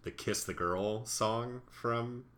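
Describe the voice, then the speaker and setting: A man's voice: mid-range voice, slow pace, a bit bright. A young man co-hosting a podcast, chatting casually and rambling, laughing easily. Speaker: podcast co-host. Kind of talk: casual chat.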